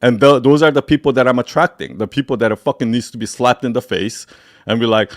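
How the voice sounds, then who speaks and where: A man hosting a live stream Q&A lectures bluntly and heatedly, swearing a lot in a tough-love way. He rambles with many restarts and fillers, speaking fast in a mid-range voice. The audio is studio quality with no room sound.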